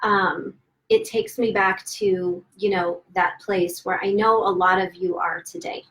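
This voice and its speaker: A woman author on a livestream, emotional and close to tears, gushing with excitement and stumbling over her words as she celebrates her new book at home. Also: mid-range voice, rough recording. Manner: gushing and excited, halting with restarts. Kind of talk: casual livestream chat. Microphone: phone or webcam livestream.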